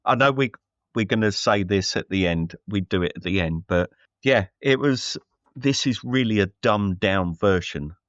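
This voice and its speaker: Deep-voiced man chatting about films. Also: moderate pace, a bit bright, dry recording, lo-fi sound. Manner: rambling, many fillers and restarts. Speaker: podcast co-host. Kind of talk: casual film review chat.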